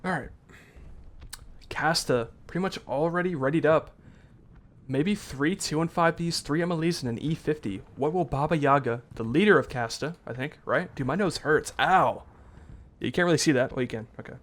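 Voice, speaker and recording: A man's voice: a little high, moderate pace, fairly bright tone. A man giving live commentary on an online tank game match in a casual, rambling way, often correcting himself and trailing off with fillers. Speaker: esports caster.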